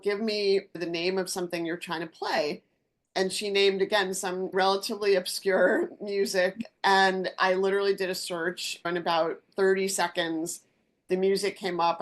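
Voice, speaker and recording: A middle-aged woman, a company founder, speaking in a conversational interview and telling animated anecdotes with acted-out dialogue. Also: mid-range voice, normal speed.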